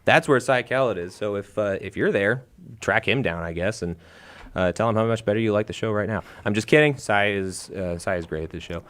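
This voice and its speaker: A young man from San Diego, co-hosting a live-streamed show in a jokey, animated, mock-grandiose way. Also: lowish voice, fairly quick. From San Diego, USA. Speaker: co-host. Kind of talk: casual live-stream chat.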